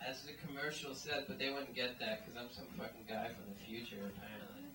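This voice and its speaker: At a small live comedy venue, a man rambles through a stand-up set, his jokes loaded with "like" and "um." He talks fast in a mid-range voice, recorded from a distance in an echoey room.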